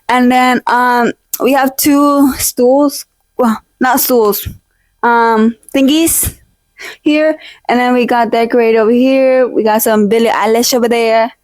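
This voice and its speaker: A woman's voice: a little high, no echo. Chatty young woman rambling at home. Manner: rambling and jokey, with fillers and teasing fake-outs. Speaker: vlogger. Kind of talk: casual chat. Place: at home, in her decorated room. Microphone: own desk mic, held close.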